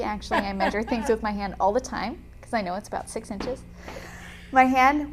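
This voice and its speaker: A woman teaching watercolor painting in a chatty, enthusiastic way, often pausing with "um" while she talks. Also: mid-range voice, a little hiss or hum. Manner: chatty and enthusiastic, frequent "um" fillers. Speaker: watercolor instructor. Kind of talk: casual tutorial chat while painting.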